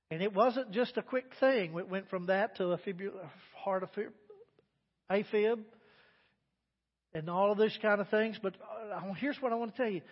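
High-voiced preaching man in a reverberant hall. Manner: emphatic preaching, swinging between loud declarations and quiet asides. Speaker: pastor. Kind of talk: sermon. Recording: dull, reverberant church sermon recording.

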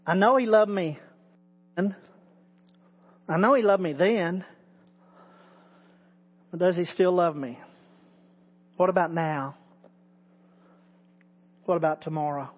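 A man's voice: sits high, takes it slowly, long pauses, slightly rough. A man preaching a sermon as teaching pastor, building emphasis through repeated phrases. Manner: preaching with rising emphatic repetition. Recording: muffled audio with long hall reverb.

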